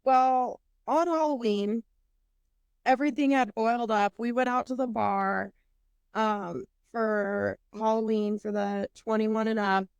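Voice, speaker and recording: A woman in her twenties, co-hosting a podcast, telling a story in an animated, profane way with lots of fillers. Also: fairly high pitch, slow, gravelly, smooth, no echo. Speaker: podcast co-host. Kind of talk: casual storytelling chat.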